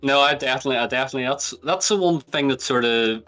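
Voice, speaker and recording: A man's voice: mid-range voice, quick pace, bright, forceful tone, faint music behind. A man, chatting as a guest, hedging teasingly and laughing often. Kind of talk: casual chat.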